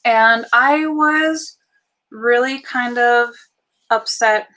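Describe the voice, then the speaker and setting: A woman's voice: on the high side, very slow, sharp tone. A woman co-hosting a late-night movie watch-party stream, explaining things to viewers in a chatty way with plenty of ums and uhs. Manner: chatty, explains with many fillers. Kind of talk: casual live-stream chat.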